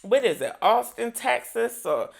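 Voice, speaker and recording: A fairly high-pitched American woman with vocal fry co-hosts a relaxed podcast at a measured pace, her intonation lively. Sassy and foul-mouthed, she says "honey" to everyone all the time.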